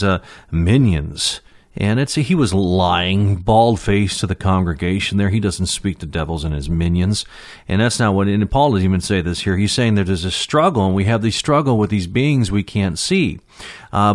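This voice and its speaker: A man with a fairly low voice, recorded close and dry, teaching through a scripture passage verse by verse. He is middle-aged and breaks his explanations with frequent "uh" fillers, then reads the quoted verses out slowly and deliberately. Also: no echo. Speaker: preacher.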